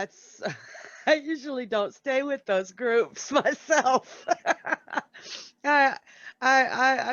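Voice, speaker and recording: A woman's voice: medium pitch, fairly bright tone, no echo, lo-fi sound. A woman, chatting casually as a co-host in a laid-back way. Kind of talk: casual chat.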